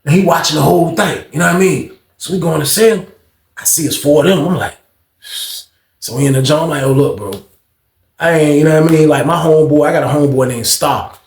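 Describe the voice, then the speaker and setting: A man telling a story in casual speech, animated, acting out quotes in a raised voice. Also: on the high side, a little fast. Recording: echoey room.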